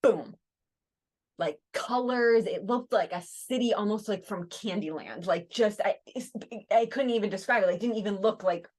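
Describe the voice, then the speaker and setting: A woman co-hosting a podcast, telling a personal story in a casual, animated way, often saying "like". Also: medium pitch, normal speed, few pauses. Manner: animated, heavy use of "like", frequent restarts. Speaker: podcast co-host.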